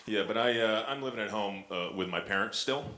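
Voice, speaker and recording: On a comedy club stage before an audience, a young man performs a stand-up set, rambling and mocking himself with lots of fillers. His voice is fairly low, brisk, pushed, and bright, and the echoey club carries audience noise.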